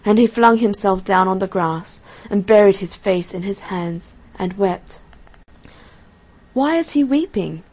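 A woman narrates a fairy tale in a soft, measured voice. Her storybook reading is calm and even, a little quieter than the lines she acts out. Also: medium pitch.

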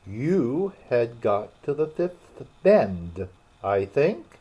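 A woman's voice: a bass voice, sing-song, extremely slow, mellow, slightly rough, heavily acted. A man voicing Alice, a polite, curious young girl, eager and pleading in a storybook reading. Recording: dull lo-fi recording.

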